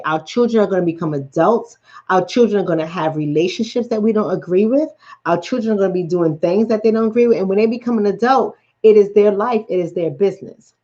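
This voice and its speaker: A middle-aged woman from the Bronx with a New York accent, a relationship coach telling stories bluntly and profanely on a late-night stream. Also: lowish voice. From the Bronx, New York City. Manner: blunt, profane, animated storytelling. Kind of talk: late-night livestream chat. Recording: dull lo-fi sound.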